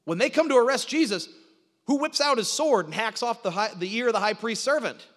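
Lively man preaching in a reverberant hall. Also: extremely high pitch, a little fast. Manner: animated, acts out quoted lines, frequent restarts. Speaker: pastor. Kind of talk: sermon.

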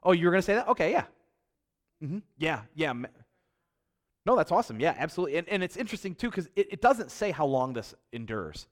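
A middle-aged man teaching a Bible study in a conversational way, stumbling over and repeating words, swinging between emphatic highs and quiet low passages. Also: big pitch swings, fast.

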